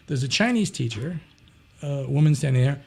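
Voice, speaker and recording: A man talking as a podcast guest, telling a long story in an animated, rambling way and acting out other people's voices. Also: mid-range voice, normal speed, gravelly, breathy edge. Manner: rambling, with frequent restarts and "you know". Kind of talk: casual anecdote storytelling.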